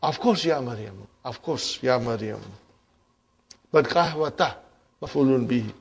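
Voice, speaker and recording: A man's voice: medium pitch, measured pace, slightly rough. A man teaching an Arabic grammar lesson to a class, often checking in with "huh?" and "are you with me?".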